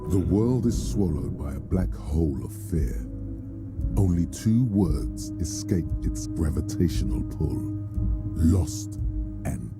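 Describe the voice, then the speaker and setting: A man voicing a very deep, sardonic inner voice. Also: lively intonation, takes it slowly, over loud music, full character voice. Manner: dry, sardonic narration. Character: mocking inner-voice narrator of a detective game.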